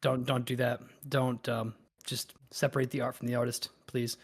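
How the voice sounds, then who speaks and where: A man co-hosting a podcast trades casual, jokey banter about games. He talks at an easy middle pitch with a laid-back, friendly manner. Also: flat delivery, normal speed, husky. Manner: jokey, easygoing. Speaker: podcast co-host.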